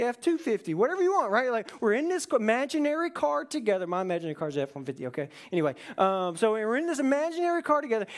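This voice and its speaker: A pastor preaching a sermon in a lively, conversational way, often checking in with "right?" and acting out quoted voices with sudden shifts in pitch.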